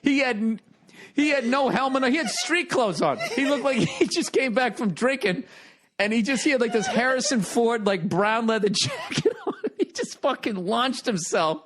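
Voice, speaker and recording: High-voiced man telling a story through laughter. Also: expressive, normal speed, a bit bright, a little hiss or hum. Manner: laughing, sound effects, profane. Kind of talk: animated storytelling.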